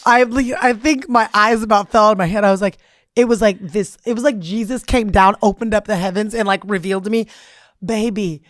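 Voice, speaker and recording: A middle-aged woman hosting a podcast, telling stories in an animated, laughing, faith-filled way. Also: mid-range voice, fast, dry recording, clean studio sound. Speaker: podcast host. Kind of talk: casual conversation.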